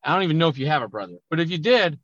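A man talking loudly and emphatically as a business coach in a conversational podcast interview. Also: on the high side, racing, dry recording, lo-fi sound. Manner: loud, emphatic, animated talker. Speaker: auto repair business coach.

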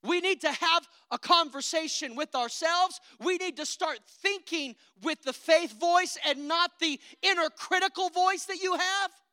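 Woman preacher going hard, high bright voice, dry close sound, keeps asking for amens. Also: unhurried, no echo. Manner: emphatic, rousing, calls for amens. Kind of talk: sermon.

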